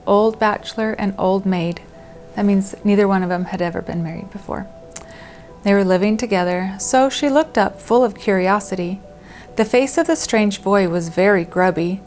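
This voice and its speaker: A woman reads a classic children's story aloud at a middling pitch, pausing to explain words for young listeners. Soft music plays faintly beneath her voice. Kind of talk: reading a children's book aloud.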